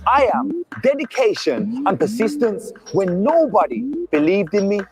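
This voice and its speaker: High lively man reciting spoken word. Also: a little slow, music in the background. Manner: rhythmic, declamatory recitation.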